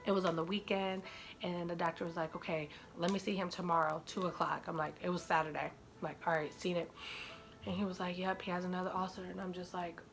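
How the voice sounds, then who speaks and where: A young woman speaking to her viewers as a mother, halting and tearful, with many ums and likes as she holds back tears. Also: lowish voice, flat delivery, soft background music. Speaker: mother vlogger. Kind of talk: emotional personal vlog to viewers.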